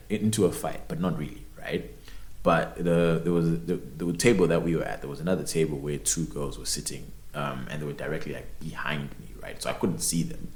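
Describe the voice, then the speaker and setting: Deep-voiced man telling a lively story. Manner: animated, laughing storyteller. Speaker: podcast co-host. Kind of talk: casual storytelling chat. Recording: roomy echo.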